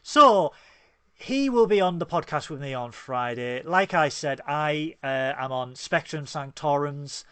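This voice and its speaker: A man's voice: on the high side, lively intonation, unhurried, a bit bright, clear, resonant tone, dry recording. A man with a Northern English accent co-hosting a casual podcast, joking and plugging links and channels. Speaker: podcast co-host. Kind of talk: casual chat.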